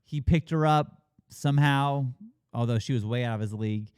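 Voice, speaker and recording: A man co-hosting a casual film discussion, retelling scenes with sudden pitch jumps as he acts out characters, with lots of swearing and fillers. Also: normal speed, clear, resonant tone, dry recording, clean studio sound. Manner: animated retelling, acting out characters' lines with big pitch jumps. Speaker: podcast co-host reviewing a film. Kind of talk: casual chat.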